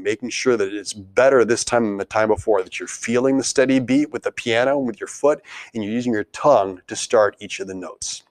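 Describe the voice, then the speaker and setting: This music teacher speaks in a lowish voice with no room sound. He's leading a beginner band class, walking students through tonguing, tapping their feet, and saying rhythm syllables aloud as they count.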